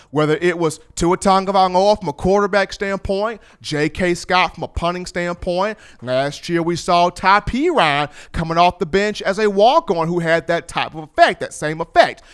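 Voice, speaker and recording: A man hosting a sports talk show, talking in an animated, playful storytelling manner. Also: high-pitched, clear, resonant tone. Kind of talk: energetic sports talk commentary.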